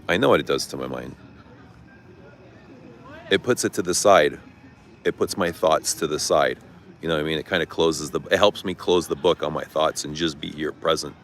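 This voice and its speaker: A man's voice: extremely low pitch, fairly bright tone. A middle-aged man chatting candidly on a livestream, reading viewer comments and answering with frank, casual talk and some swearing. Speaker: livestream host. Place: outdoors. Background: traffic noise.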